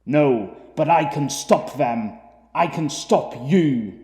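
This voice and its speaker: A man's voice: on the high side, animated, slow, dark tone, echoey room, in a large hall. A man playing a determined young hero who speaks firmly and steadily. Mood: resolute.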